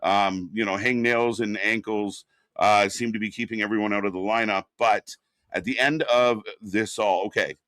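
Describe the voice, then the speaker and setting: A man's voice: on the low side, fairly even intonation, moderate pace, fairly bright tone, dry recording, studio quality. A man hosting a casual wrestling talk show, ranting bluntly with plenty of swearing. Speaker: wrestling commentary host. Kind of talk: casual podcast chat.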